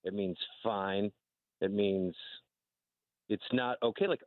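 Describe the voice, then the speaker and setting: A man calling into a radio show, relaxed, explaining with everyday examples. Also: fairly low pitch, takes it slowly, pauses often, no echo. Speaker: caller. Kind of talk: phone-in call. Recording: tinny phone line.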